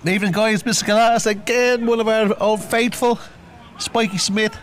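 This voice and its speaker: A man's voice: high voice, fairly even intonation, normal speed. A man doing casual live commentary on his club's football match outdoors in the rain, chatting and joking with viewers. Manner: chatty, jokey, greets viewers by name.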